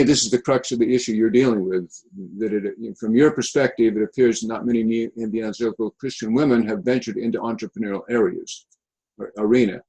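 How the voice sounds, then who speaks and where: Halting male instructor on a call. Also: mid-range voice, warm tone, slightly rough, low-quality recording. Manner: halting, with many restarts and fillers. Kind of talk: online class feedback session.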